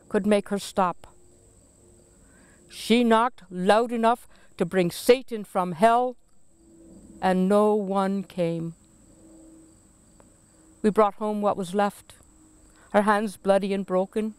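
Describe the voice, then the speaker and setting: A woman reads her own poem aloud in a solemn, deliberate recitation, taking her time over every phrase. Her voice is exceptionally smooth and resonant. The recording is dry and close, with no room sound. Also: medium pitch, a little mellow, dry recording. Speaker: poet reading her own work. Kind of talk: poetry reading.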